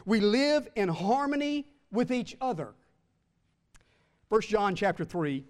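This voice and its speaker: Brief: high-pitched male pastor, sermon delivery, stretches key words, pauses for the congregation to fill in answers. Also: very animated, darkish tone. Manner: calls out questions for the congregation to answer; draws out key words slowly for emphasis.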